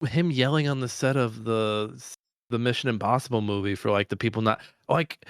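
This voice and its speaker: Young male podcast co-host, mid pitch, joking and casual, dry close mic. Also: normal speed, smooth, dry recording. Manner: joking, laughs often, swears casually. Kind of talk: casual chat.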